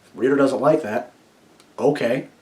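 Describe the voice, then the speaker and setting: A man giving casual, opinionated writing advice to camera, keeps checking in with "okay?", swinging between loud emphasis and quiet asides. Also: medium pitch, normal speed.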